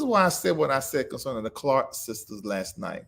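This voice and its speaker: A man's voice: medium pitch, very animated, normal speed, vocal fry, a bit bright. A man hosting a livestream, talking emotionally and preacher-like to viewers, laughing through grief and reading out their comments. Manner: reads viewer comments aloud and greets them. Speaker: livestream show host.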